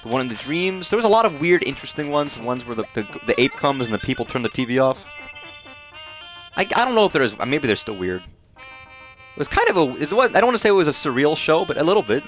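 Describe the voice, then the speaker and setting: Lively, foul-mouthed man streaming a game. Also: fairly high pitch, faint music behind. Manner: profane, rambling, quick to rant at on-screen characters. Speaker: livestreamer. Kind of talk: casual gameplay commentary.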